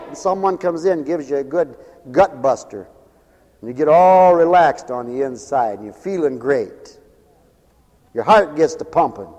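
Fervent high-voiced male preacher in a hall. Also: animated, moderate pace, darkish tone. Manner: fervent, swings from high exclamations to low muttered asides; repetitive, rhythmic phrasing with interjected hallelujahs. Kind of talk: revival sermon. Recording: long hall reverb.

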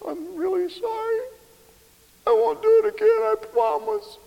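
Male preacher voicing a tearful little kid, high-pitched and sorry, hall echo. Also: fairly even intonation, measured pace, creaky, dull audio, heavily acted. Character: small crying child apologizing, tearful and sorry.

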